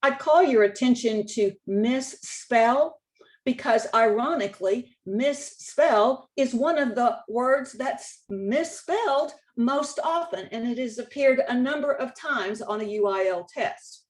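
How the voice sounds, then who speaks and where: A woman walks an audience through spelling rules slide by slide, leaning on the key words. Her voice sits a little high and she takes her time, often repeating a point so it sinks in. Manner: slow, deliberate, stresses key words and rules; repeats points for emphasis, occasional restarts. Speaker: state spelling contest director. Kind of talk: slide-based instructional presentation.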